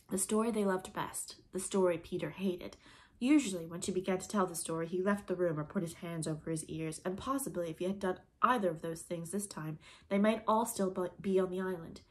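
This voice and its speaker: Female audiobook narrator, somewhat low, steady and expressive. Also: a little fast. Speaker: audiobook reader. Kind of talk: storybook narration.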